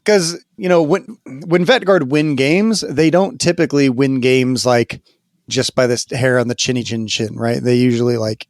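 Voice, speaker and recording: A man co-hosting a casual gaming podcast, telling stories in an animated way with plenty of fillers and laughs. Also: medium pitch, no echo, clean studio sound. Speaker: podcast co-host. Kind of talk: casual chat.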